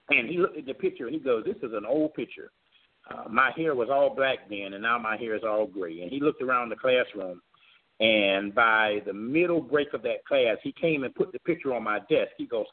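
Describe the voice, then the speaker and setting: A man's voice: medium pitch, narrow, tinny audio. A man from Florida, a guest on a talk show, telling a personal story earnestly and acting out the voices he quotes. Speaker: guest, former governor candidate.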